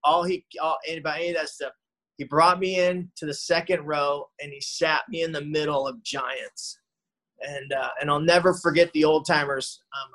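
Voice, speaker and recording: A middle-aged man sharing his recovery story from his living room, earnest and heartfelt, halting with many fillers and restarts. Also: a little high, a bit bright, poor audio. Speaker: speaker at a recovery meeting.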